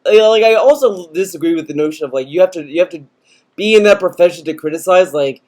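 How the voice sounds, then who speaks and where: A man's voice: high voice, expressive, fast talker, a little mellow. A man ranting sarcastically in a video commentary, full of fillers and mocking asides. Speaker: commentary youtuber.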